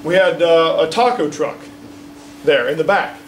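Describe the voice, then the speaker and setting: A fairly high-voiced man, a political candidate, gives an indignant, storytelling speech at a press conference and keeps checking in with the crowd. His voice reaches the microphone from a distance, and a roomy echo and faint background hum are clear behind him. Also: unhurried.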